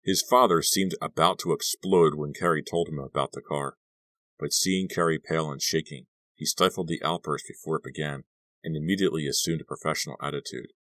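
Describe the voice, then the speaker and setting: A man reading a novel aloud as an audiobook narrator in a steady, measured way. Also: extremely low pitch, no room sound. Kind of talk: scripted narration.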